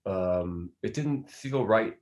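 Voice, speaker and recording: Very deep-voiced man telling stories. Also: expressive, takes it slowly, darkish tone. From Philadelphia, US. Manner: rambling storyteller, many restarts. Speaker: actor guest. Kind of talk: casual interview talk.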